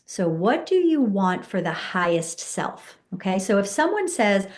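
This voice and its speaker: A woman guest on a podcast, an empowerment coach calmly walking listeners through a tapping exercise and speaking affirmations. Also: mid-range voice. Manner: calm, instructive, soothing affirmations.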